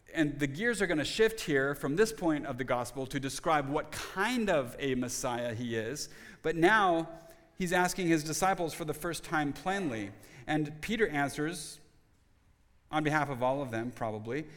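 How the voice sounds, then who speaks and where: A male pastor delivers a sermon in an earnest, conversational way, circling back and restarting phrases as he explains. His voice sits a little high for a man, and a long reverb trails each phrase in the room. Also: a bit bright.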